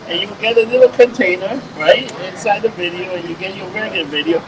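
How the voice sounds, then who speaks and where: A man's voice: high voice, fast talker, few pauses, a crowd in the background, rough recording. A man co-hosting a podcast, talking in a loose, rambling, profane and jokey way. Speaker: podcast co-host. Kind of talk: casual chat.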